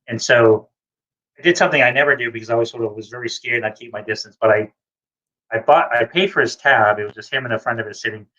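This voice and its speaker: A middle-aged man from the United States telling anecdotes in a casual video chat, excitable and acting out voices. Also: mid-range voice, quick pace. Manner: excitable storyteller, acts out voices. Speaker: comics creator, co-host. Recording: muffled lo-fi audio.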